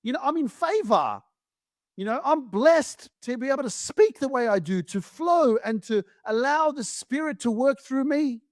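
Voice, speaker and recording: A man's voice: extremely high pitch, lively intonation, normal speed, no echo, clean studio sound. A man hosting a motivational podcast, talking bluntly and emphatically, swearing freely. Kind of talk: motivational monologue.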